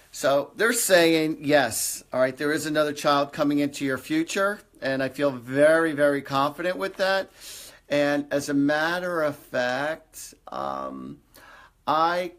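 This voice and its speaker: A man hosting a live stream, giving psychic readings in a rambling, conversational way with lots of fillers. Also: fairly high pitch. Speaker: psychic medium host.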